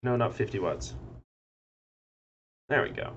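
A man's voice: medium pitch, sing-song, moderate pace. Rambling, chatty male streamer. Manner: rambling and chatty, muttering to himself while he works. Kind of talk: casual chat while working on a computer. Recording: slightly dull lo-fi audio with faint noise.

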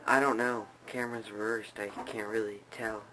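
A man's voice: lowish voice, level tone, normal speed, sharp tone, slight background noise, low-quality recording. A man hosting a casual joking vlog, rambling offhandedly. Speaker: vlogger.

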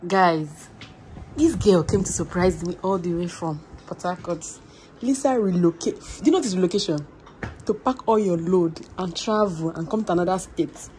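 A woman's voice: on the low side, moderate pace, a little hiss or hum. A young woman chatting casually to her vlog audience. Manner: chatty, laughing, animated. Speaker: vlogger.

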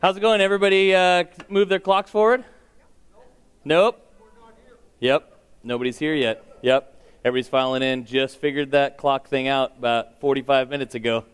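A man's voice: mid-range voice, fairly even intonation, normal speed, smooth. A man giving church announcements in an upbeat, joking way and leading a short prayer.

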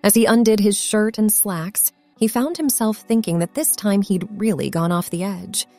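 A woman narrating a scripted story in an expressive reading voice. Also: medium pitch, normal speed, no echo. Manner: expressive, acts out the characters' lines. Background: faint background music.

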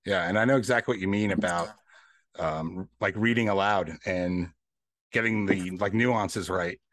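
Chill podcast guy, lowish voice, cusses casually, laughs a lot. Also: moderate pace, a bit bright, no echo. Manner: laid-back, swears casually, laughs often. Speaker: podcast host.

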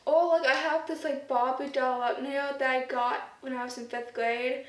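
High-voiced woman rambling to camera. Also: steady tone, moderate pace. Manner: rambling, chatty, many fillers. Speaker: vlogger. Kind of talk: casual chat to camera. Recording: roomy echo, distant mic, faint noise.

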